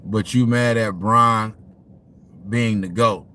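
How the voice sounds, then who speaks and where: A man's voice: fairly low pitch, fairly even intonation, slow, bright, forceful tone, a little hiss or hum. A man hosting a sports talk livestream, ranting casually with lots of profanity and frequent laughter as he talks to his chat.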